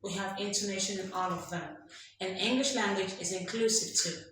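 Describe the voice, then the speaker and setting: A woman's voice: medium pitch, steady tone, brisk, a bit bright. A woman teaching an English lesson, emphatic, drilling examples aloud and quizzing her listeners. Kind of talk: classroom lesson. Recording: strong echo, faint background noise.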